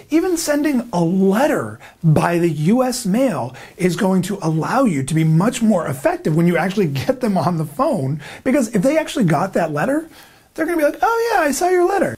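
A man giving a sales training lesson, emphatic and energetic, acting out prospects' replies. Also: a little high, slightly rough. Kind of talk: instructional talk to camera.

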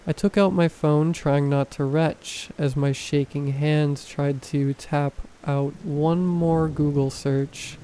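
A man reading horror stories aloud in a calm, even scripted narration. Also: fairly high pitch, slow, few pauses, a little hiss or hum, rough recording.

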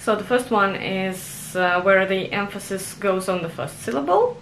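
A woman's voice: medium pitch, lively intonation, normal speed, fairly bright tone, slight background noise. A young adult woman vlogging about learning a language, self-conscious and giggly, with many fillers and restarts. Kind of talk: casual vlog monologue.

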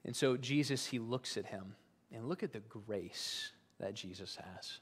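A man preaching a sermon as pastor, swinging from hushed whispers to loud emphatic peaks and often checking in with "right?". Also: mid-range voice, big pitch swings, measured pace, big-room sound. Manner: conversational, uses "right?" often.

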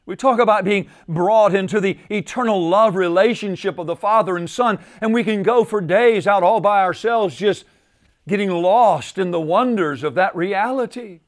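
A male pastor delivers a sermon with a fairly high voice. He repeats key phrases and lets his delivery drop to a hush before rising again for emphasis. The setting is a retreat gathering. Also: normal speed. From United States. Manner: repeats phrases, rises and falls in pitch and volume for emphasis. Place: church at a men's retreat.

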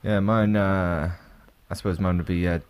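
A man's voice: deep voice, steady tone, moderate pace, a little mellow, clean tone. A man co-hosting a casual podcast chat, joking and telling rambling stories with frequent laughter. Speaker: podcast co-host.

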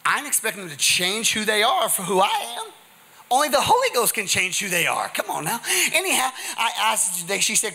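Pastor, male, high and very bright voice, upbeat joking sermon style. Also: brisk, creaky, breathy edge. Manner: energetic, humorous preaching with call-and-response. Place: church sanctuary.

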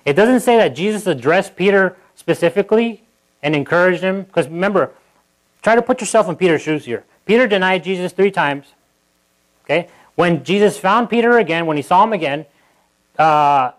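On a rough church recording, a pastor with a somewhat high voice preaches casually to his congregation. He keeps restarting sentences, adds asides, and acts out the words he quotes animatedly.

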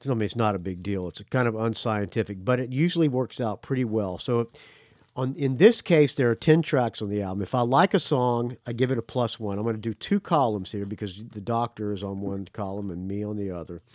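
A man's voice: fairly low pitch, fairly quick, darkish tone, no echo, studio quality. A man hosting a podcast in casual chat, rambling and teasing his guest. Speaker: podcast host.

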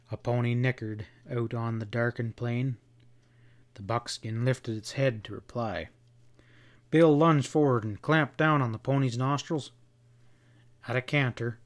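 A man narrates a western novel as an audiobook in a steady, measured way. His voice sits at a middle pitch for a man.

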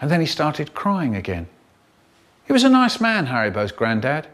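Animated man telling comic stories. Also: a little high, normal speed. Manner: expressive, animated, swooping delivery. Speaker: storyteller. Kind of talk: comic storytelling, spliced edit.

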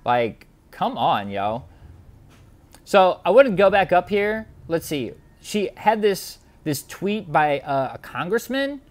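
A man giving satirical reaction commentary on a video clip. He sounds mock-outraged and sarcastic, and his pitch swoops up and down. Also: big pitch swings, takes it slowly. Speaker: YouTube commentator.

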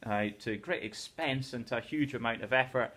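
A man's voice: mid-range voice, moderate pace, bright, forceful tone. Man explaining a novel. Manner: explanatory, conversational, with restarts. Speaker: English teacher. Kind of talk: recorded lesson, reading and explaining a novel. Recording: teacher's recorded lesson video.

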